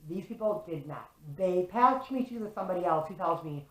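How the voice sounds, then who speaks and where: A young woman vlogger recounting a story straight to camera, animated and loose-tongued, swearing and peppering her talk with "like." Her voice sits a little low for a woman. The room around her rings with echo. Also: a little fast, hardly any pauses. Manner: animated, swears often, fills with "like". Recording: echoey room.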